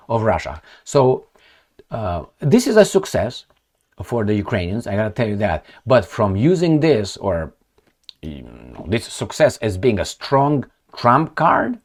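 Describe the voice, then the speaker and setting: A man talking in a lowish voice with a lively, swooping pitch, ranting casually about the news as he points things out. He is sarcastic and mocking, swinging from loud emphatic bursts to low muttered asides. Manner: sarcastic and mocking, with scornful laughs. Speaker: political commentary vlogger. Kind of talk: casual rant over a map and articles.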